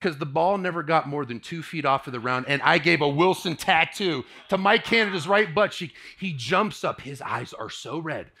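A man in his forties from Indiana telling a personal testimony to a live audience, swinging from hushed to booming as he tells it. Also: animated, normal speed, hardly any pauses, breathy edge. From Indiana, USA. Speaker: motivational speaker.

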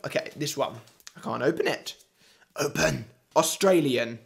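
A man's voice: medium pitch, a little slow, vocal fry, slightly rough. A young man with an English accent doing a casual, flustered accent challenge video, laughing at himself. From England. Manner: self-deprecating, giggly, flustered. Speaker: vlogger.

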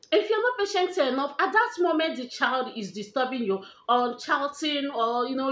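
Nigerian woman, young, high voice, chatty and animated, echoey room. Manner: chatty, animated, repeats herself for emphasis. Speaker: vlogger. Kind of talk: casual advice vlog.

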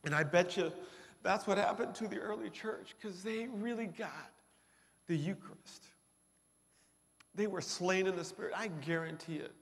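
A middle-aged man with a high voice gives a personal testimony at a conference. He moves from hushed to forceful and emotional. His words ring out with a long reverb across a large hall. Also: moderate pace. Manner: emotional, builds from quiet to loud. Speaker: conference speaker. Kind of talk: testimony talk.

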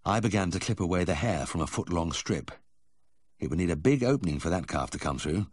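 A man reading a memoir aloud as audiobook narration, telling the story in a measured first-person voice. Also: low voice, lively intonation, husky, no room sound, studio quality. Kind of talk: scripted narration.

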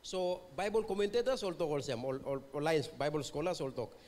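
A man's voice: on the high side, a little fast, a little mellow. A male pastor with a Papua New Guinean accent preaching a revival sermon, switching between English and Tok Pisin and putting questions to the congregation. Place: church hall. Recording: long church-hall reverb.

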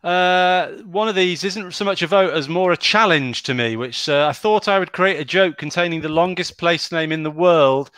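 A man's voice: fairly high pitch, moderate pace, few pauses, fairly bright tone, clean tone, no echo. A man from Wales, the show's producer, reading viewer jokes aloud in a casual, chuckling way and tripping over names. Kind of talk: casual online show chat.

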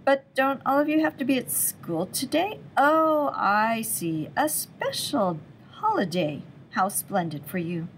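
A woman's voice: medium pitch, normal speed, few pauses, slight background noise, close to an everyday voice, low-quality recording. A woman voicing a cold, cruel stepmother who issues stern, clipped demands. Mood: icily polite. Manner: stern, clipped demands; silky-polite on the phone.

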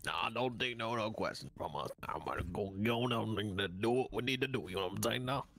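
A man's voice: fairly low pitch, a little fast, gravelly, fairly bright tone. A man playing a laid-back, streetwise male rogue with a nonchalant, slangy drawl.

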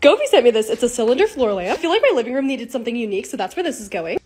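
A young woman in her twenties narrating her own lifestyle vlog, bubbly and excitable as she talks through each project. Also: fairly high pitch, very fast, husky. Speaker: lifestyle creator.

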